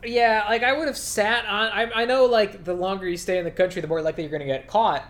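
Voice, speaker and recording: A man chatting about a movie on a podcast, animated, laughing often and saying "like" a lot. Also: high-pitched, fast talker. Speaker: podcast co-host. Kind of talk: casual chat.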